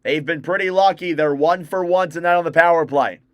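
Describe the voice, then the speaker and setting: A man's voice: a little high, smooth, no room sound, highs cut off. A young man hosting a fan livestream, giving live hockey play-by-play and calling out player names as the action moves. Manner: rapid name-calling play-by-play, self-correcting.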